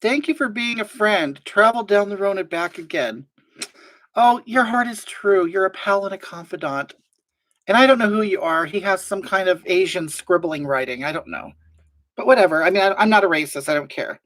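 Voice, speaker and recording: Her voice sits at medium pitch, quick and a bit bright, close to how someone talks every day. She's a performer in a live comedy stream, playing a loud, gossipy woman host who rambles and bristles while reading the chat out loud.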